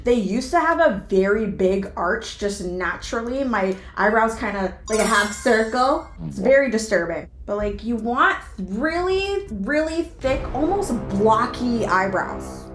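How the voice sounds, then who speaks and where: A woman's voice: a little high, animated, a little slow, hardly any pauses. A young woman vlogger chatting playfully through a makeup tutorial, with self-mocking asides. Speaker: beauty vlogger. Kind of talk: casual makeup tutorial chat. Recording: echoey room with background music.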